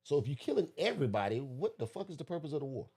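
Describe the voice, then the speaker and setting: Fast-talking man telling loose stories. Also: fairly high pitch, slightly rough. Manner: storytelling, profane, animated. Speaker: podcast co-host. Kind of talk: casual chat.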